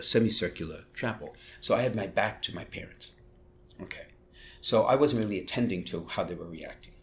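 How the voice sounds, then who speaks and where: A man who is a Catholic priest, telling a personal story in an interview in an animated way and acting out what people said. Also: lowish voice, slight background noise. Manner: animated storyteller who acts out quotes and laughs.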